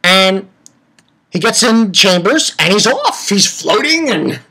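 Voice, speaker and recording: Lively, profane young man recapping anime. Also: sits high, slow, breathy edge. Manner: rambling, profane, many restarts. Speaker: anime reviewer. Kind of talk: casual episode recap.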